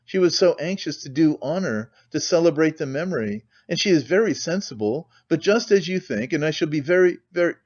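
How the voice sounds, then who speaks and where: A man voicing a timid, flustered poor young woman who speaks softly in faltering, broken-off phrases. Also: fairly high pitch, expressive, brisk, hardly any pauses, lo-fi sound.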